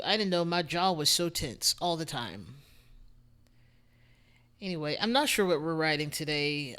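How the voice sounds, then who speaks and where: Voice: medium pitch, fairly bright tone. A Texan-accented streamer talking loosely into a desk microphone at home. The speech wanders from one thought to the next, with friendly greetings to viewers mixed in. It is an easygoing, chatty livestream delivery. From Texas. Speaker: music streamer. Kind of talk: casual livestream chat.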